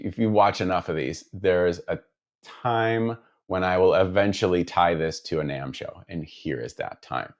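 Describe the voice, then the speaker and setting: A man's voice: low-pitched, darkish tone. A man building guitars, chatting casually and rambling while he works in his workshop, with lots of fillers and self-deprecating asides. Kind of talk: casual chat while working.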